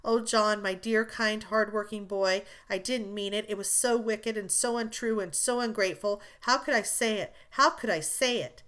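A woman's voice: mid-range voice, moderate pace, hardly any pauses, fairly bright tone, lightly acted. Anxious young wife pleading and getting emotional, read by a woman, storybook. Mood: tearful.

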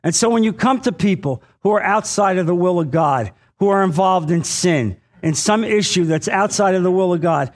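A man with a high-pitched voice preaches a sermon in a lively, animated way. He sometimes stumbles and restarts as he talks, and he acts out the voices of the people in his stories. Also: moderate pace, hardly any pauses. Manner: animated, acts out quoted voices, many fillers. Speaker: Bible teacher. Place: church or meeting hall.

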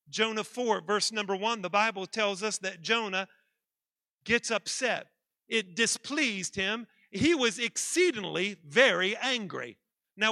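A man preaching a sermon in a church, calling out to the congregation and building to loud, emphatic peaks. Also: high-pitched, no echo.

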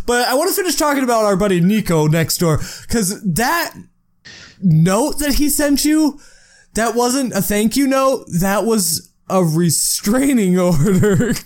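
High, lively giggly man. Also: unhurried. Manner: giggly, incredulous, frequently laughing. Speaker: interviewer host. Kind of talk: improvised comedy interview.

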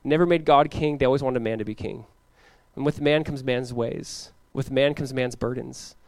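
In a dry recording, a man with a mid-range voice delivers an expository sermon as pastor. Animated, he brings biblical characters to life with quick voices.

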